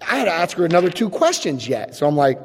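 A man telling a story to a crowd with a lively, swooping voice that rises high when he gets worked up. He laughs often and acts out the people in the story. A long reverb hangs behind him, as in a big hall. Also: fast, gravelly. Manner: animated, laughing, acts out quotes. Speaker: speaker sharing a personal story. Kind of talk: storytelling to an audience.

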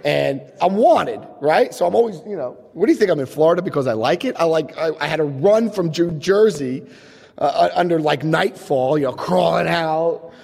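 A man telling a story to a crowd with a lively, swooping voice that rises high when he gets worked up. He laughs often and acts out the people in the story. A long reverb hangs behind him, as in a big hall. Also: normal speed, gravelly, breathy edge. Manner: animated, laughing, acts out quotes. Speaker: speaker sharing a personal story. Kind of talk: storytelling to an audience.

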